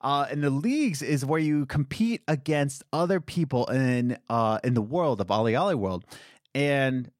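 A young man chatting excitedly on a gaming podcast, his pitch swinging widely from high to low as he rambles along. The sound is dry and close to the mic, with no room echo. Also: unhurried. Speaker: podcast co-host. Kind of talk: casual podcast chat about video games.

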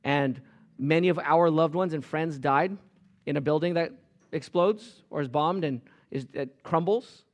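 A man preaching a sermon as pastor, emphatic, swinging from loud rises to quiet drops. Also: a little high, measured pace. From Los Angeles area.

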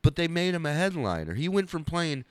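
A man in a casual podcast conversation, telling animated stories and mimicking the people he talks about. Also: fairly high pitch, brisk, no echo. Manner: animated storyteller, mimics the comedian he describes.

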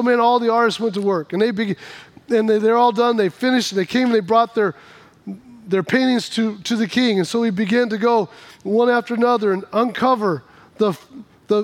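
A male pastor preaching a sermon, telling stories with emphatic repetitions. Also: high-pitched.

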